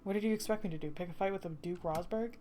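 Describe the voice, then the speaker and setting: A woman reading the lines of a calm, resigned young nobleman in a story, with quick, level delivery. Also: lowish voice, slight background noise, natural voice.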